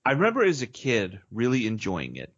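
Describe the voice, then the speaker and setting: A male podcast co-host with a mid-pitched voice. He gives blunt, opinionated takes in a casual way and sighs often. His audio sounds slightly muffled. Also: huge pitch swings, fairly quick, fairly bright tone.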